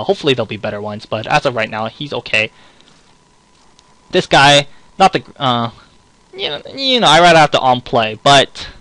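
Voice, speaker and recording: A man with a bright, forceful voice gives casual card game commentary, rambling and correcting himself as he goes. His voice sounds a little worn. The sound is dry and close, with no room echo. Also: mid-range voice. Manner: rambling, second-guesses himself aloud. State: voice getting worn.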